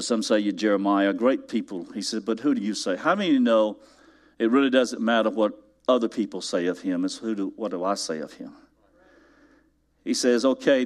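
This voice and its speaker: A man preaching a sermon in church, telling a story with mounting emphasis and asking his congregation rhetorical questions. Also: fairly low pitch. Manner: animated storytelling, builds to loud emphatic peaks. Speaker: pastor.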